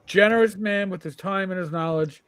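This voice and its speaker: A blunt man with a fairly high voice tells a quick story to a panel and swears freely as he talks. The sound is dry and close, with no room around it. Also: fairly bright tone, clean tone, no echo. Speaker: panel guest. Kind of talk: casual panel chat.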